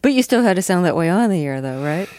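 A woman's voice: fairly low pitch, big pitch swings, quick pace, a little mellow, no echo. A woman hosting an interview, asking curious, playful questions. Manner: curious, playful, laughs easily. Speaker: interviewer, host. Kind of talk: radio interview.

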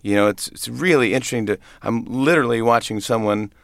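A fast, gravelly man's voice in his thirties, mid-range and fairly bright, recorded dry with clean studio sound. He's a comedian appearing as an interview guest, laughing a lot and doing voices as he tells his stories.

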